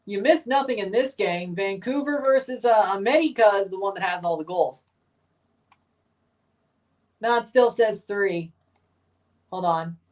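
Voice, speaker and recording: Casual watchalong host, woman, mid pitch, offhand play-by-play, off-mic sound. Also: unhurried, pauses often, a little mellow, recorded from a distance. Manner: offhand, exclaims and swears at plays. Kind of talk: casual live match commentary.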